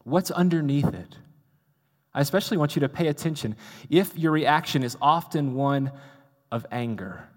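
A man's voice: a little high, lively intonation, normal speed, a little mellow. A man preaching a sermon in a conversational way, asking the audience rhetorical questions and mocking himself in asides. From United States. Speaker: pastor. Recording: long reverb of a large hall.

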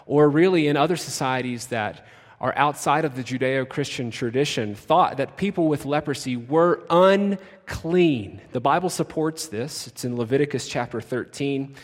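A male pastor preaching a sermon, slow and dramatic, dropping to a hush and then shouting out. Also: mid-range voice. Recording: long reverb of a large hall.

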